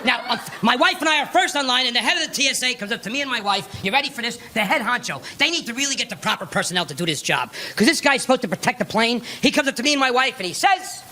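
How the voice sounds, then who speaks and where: A man's voice: very high voice, lively intonation, quick pace, hardly any pauses, sharp tone. A middle-aged man doing a brash, conversational stand-up routine on stage, often asking the audience "right?". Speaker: stand-up comedian. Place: comedy stage before a live audience. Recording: live stage mic with crowd.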